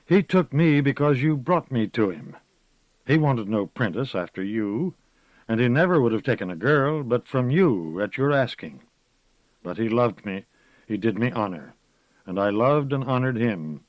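A man voicing a weary, earnest woman who speaks softly and pleadingly. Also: medium pitch, expressive, moderate pace, dry recording, lightly acted. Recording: slightly muffled recording.

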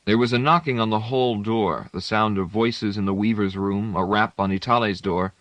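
A man reads literary fiction aloud in a measured, steady way. His voice sits on the low side. The recording is dry, with no room sound. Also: no echo. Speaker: audiobook narrator. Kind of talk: scripted narration.

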